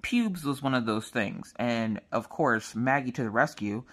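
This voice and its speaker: A woman's voice: rumbling low, animated, a little slow, hardly any pauses. A woman in her thirties chatting casually while crafting, rambling through family stories. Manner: chatty, rambling storytelling with quoted dialogue. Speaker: crafting vlogger.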